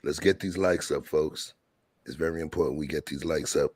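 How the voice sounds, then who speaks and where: A man's voice: steady tone, moderate pace, darkish tone, no room sound. A man from Brooklyn, hosting a laid-back streamed chat and telling stories in street slang. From Brooklyn, New York. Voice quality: deep, gravelly and husky. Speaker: show host.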